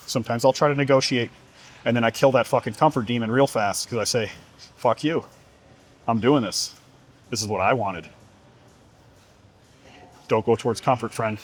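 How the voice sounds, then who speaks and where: A man with a mid-range voice speaks as a fitness coach, delivering a blunt, heavily profane motivational monologue while working out and firing off rhetorical questions.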